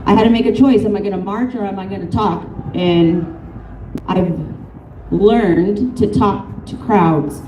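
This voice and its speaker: A woman's voice: medium pitch, measured pace, warm tone, slight background noise. A woman from Colorado giving a fiery, profane, off-the-cuff protest speech at an outdoor rally. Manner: fiery, profane, off-the-cuff, laughs between lines. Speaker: rally speaker. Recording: echoey, from a distance.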